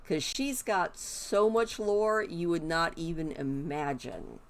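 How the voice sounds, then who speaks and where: Woman streamer, low-pitched, unhurried, rambling chat at a desk mic. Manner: chatty, rambling, talks to her pet raccoons in a cooing voice. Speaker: gaming streamer. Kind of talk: casual chat while streaming.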